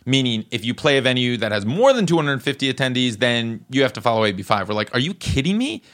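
Guy hosting his own show, ranting through a story, bright punchy voice, swears a lot and does the other people's lines. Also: mid-range voice, quick pace. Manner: profane, animated, acts out quoted people in a raised voice. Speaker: podcast host. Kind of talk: animated storytelling monologue.

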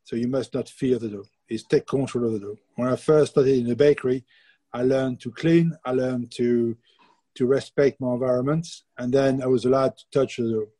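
A man's voice: mid-range voice, fairly even intonation, normal speed, mellow, slightly rough, poor audio. A middle-aged man from France with a French accent, a baker telling laughing, plainspoken stories as a guest in a casual interview.

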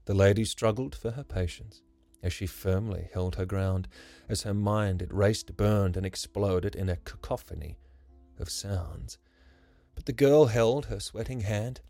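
A man narrating a rhyming story in a measured, lyrical way. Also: on the low side, creaky, dark tone. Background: faint music.

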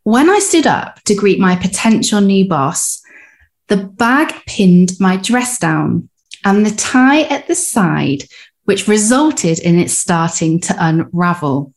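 A woman's voice: mid-range voice, very animated. A woman co-hosting a coaching podcast, upbeat and playful, who also reads out a listener's story. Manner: upbeat, playful, slips into quick voices for inner characters. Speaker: podcast co-host. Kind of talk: casual coaching chat and reading a listener story.

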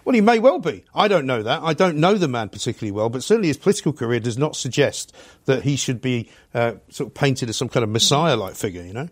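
A man hosting a studio talk show, scornful and animated as he tells his stories. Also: mid-range voice, fast talker, no echo. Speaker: talk radio host. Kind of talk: opinionated chat.

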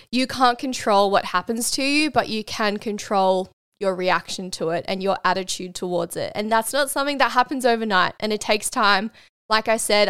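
A woman's voice: medium pitch, fairly bright tone, smooth, no room sound, studio quality. A young woman, hosting a podcast and telling a personal story candidly, swearing casually and getting emotional. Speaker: podcast host.

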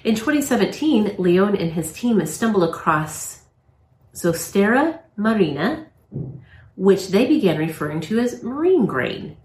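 A woman's voice: medium pitch, sing-song, unhurried, a little mellow, reverberant. A woman co-hosting a talk show, upbeat as she reads out her notes. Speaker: co-host. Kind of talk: casual banter.

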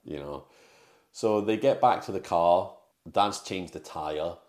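A man's voice: deep voice, takes it slowly, darkish tone. A man co-hosting a film podcast, recounting the plot in casual chat with frequent fillers and self-corrections. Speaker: podcast co-host. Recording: roomy echo.

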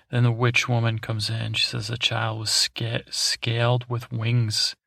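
A man's voice: medium pitch, completely flat delivery, a little slow, gravelly, few pauses, sharp tone, no echo, studio quality. A man hosting a sleep podcast, recapping in a meandering, digressive way full of fillers and restarts. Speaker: podcast host.

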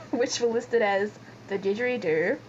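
Here a podcast co-host with a slightly high, animated voice keeps a measured pace as she rambles through a reality show recap, joking at her own expense. Her audio comes across dull and lo-fi, faintly noisy.

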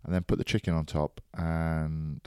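A relaxed man chatting on a podcast, his voice very deep and low. He talks in a matter-of-fact way, and the recording is dry and close with no room sound. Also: moderate pace, smooth, no room sound. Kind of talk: casual podcast chat.

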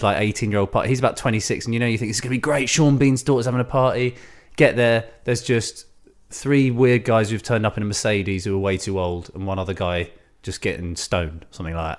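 A man co-hosting a casual comedy podcast, telling stories, laughing often and acting out other people's lines. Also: on the low side. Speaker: podcast co-host.

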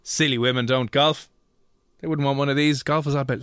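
A man talks fast in casual chat as a radio co-host. He tells self-mocking stories and keeps them moving. The sound is dry and close. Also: medium pitch, steady tone, fairly bright tone, clean tone, dry recording. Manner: quick, storytelling, self-mocking.

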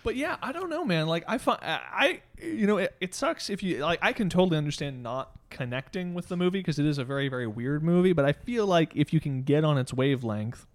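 A man's voice: a little high, lively intonation, a little fast, few pauses. A man talking casually and enthusiastically about a movie with friends, with many fillers and restarts. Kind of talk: casual film discussion.

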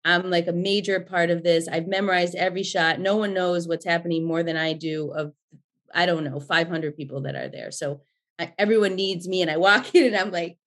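A woman in her forties, a podcast guest, telling stories in a lively, chatty way and swearing freely. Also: on the low side, a little fast. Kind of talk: casual storytelling chat.

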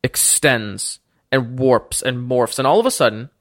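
A man's voice: mid-range voice, unhurried. Man narrating as dungeon master. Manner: lively, descriptive storytelling. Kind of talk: narrating a tabletop game.

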